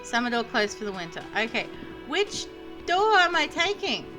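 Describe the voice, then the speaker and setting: A woman's voice: on the high side, very animated, moderate pace, over music. A woman streaming a game, chatting and reading dialogue choices aloud expressively.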